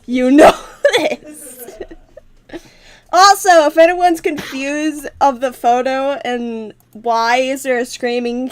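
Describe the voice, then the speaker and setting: A young woman chatting casually on a livestream, giggling often and swearing freely. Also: fairly high pitch. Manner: giggly, swears a lot, bursts into loud laughter. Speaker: livestream co-host. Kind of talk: casual chat.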